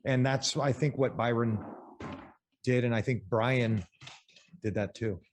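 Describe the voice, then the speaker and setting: A man's voice: mid-range voice, steady tone, unhurried, slight background noise. A man co-hosting a podcast in casual chat, joking and swearing freely. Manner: joking, loose and profane. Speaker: podcast co-host.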